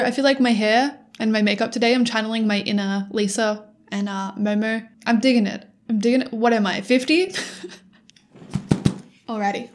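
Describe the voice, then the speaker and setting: A young woman hosting a casual reaction video, excitable and giggly and swearing often. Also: a little high. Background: music playing.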